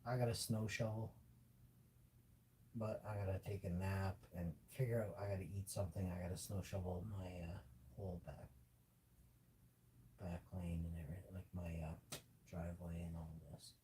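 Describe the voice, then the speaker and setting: A man's voice: little pitch movement, moderate pace, long pauses, dark tone. A man chatting casually on a livestream, rambling and joking with lots of fillers. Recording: distant mic with faint rumble.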